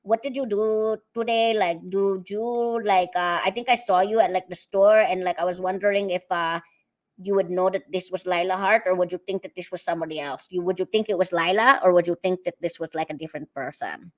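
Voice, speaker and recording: A woman doing a put-on voice as a disguised prank caller on the phone, halting and rambling as she pries. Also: on the low side, steady tone, lightly acted, rough recording. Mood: prying. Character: disguised female prank caller, chatty and prying.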